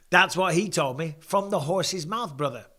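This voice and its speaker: Chatty man, fairly high voice. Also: takes it slowly, pushed and bright. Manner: chatty, swears casually, reads out viewer comments. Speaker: host and former fighter. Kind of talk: live fight watch-along chat.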